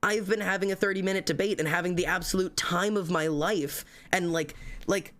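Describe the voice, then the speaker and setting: A man's voice: high voice, fairly even intonation, fairly quick, fairly bright tone. A man venting to his livestream chat in a rambling, self-critical rant, swearing heavily and restarting his sentences often.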